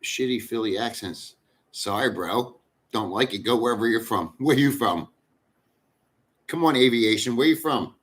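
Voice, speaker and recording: Middle-aged male livestreamer, bright forceful voice, loose profane rambling chat. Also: medium pitch, moderate pace. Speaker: livestream host. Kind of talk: casual live chat with viewers. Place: in the Philippines.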